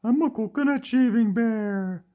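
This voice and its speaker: A man's voice: extremely high pitch, dark tone, highs cut off, voice pushed up. A man doing Diva, a sing-song polar bear diva. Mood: friendly. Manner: slow, sing-song, repeats herself. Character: friendly female polar bear toy, fashion diva.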